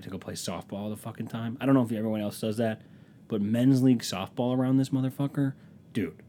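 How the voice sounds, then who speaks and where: A man's voice: on the low side, warm tone, slight background noise. A man, hosting a podcast and telling a rambling, profane, self-mocking story in a casual comic style. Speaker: podcast host.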